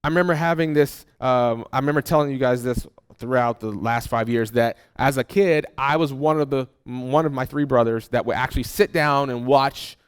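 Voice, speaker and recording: A man's voice: mid-range voice, normal speed, clean tone. A man preaching a sermon as pastor, earnest and repeating phrases for emphasis. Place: church hall.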